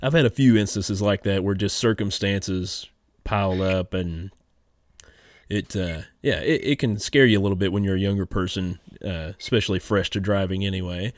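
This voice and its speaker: A laid-back man, chatting as a podcast host. His voice sits low and is recorded close and dry, with no room sound. He tells his stories easily and laughs often. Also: normal speed, no room sound. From Kentucky. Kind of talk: casual podcast chat.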